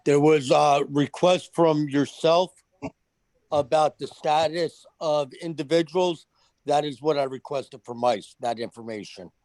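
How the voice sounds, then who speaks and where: A man answers briefly and matter-of-factly in a slightly high voice. The sound is dry and close. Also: a little slow, darkish tone, no echo, low-quality recording. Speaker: official answering questions. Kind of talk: formal reply.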